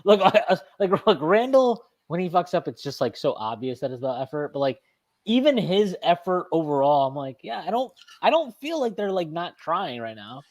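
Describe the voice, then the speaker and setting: A man's voice: on the high side, very animated, moderate pace, a little mellow. Man ranting heatedly about a game. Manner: heated profane ranting, emphatic; repeats himself, restarts phrases. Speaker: sports podcast host. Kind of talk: casual postgame sports talk.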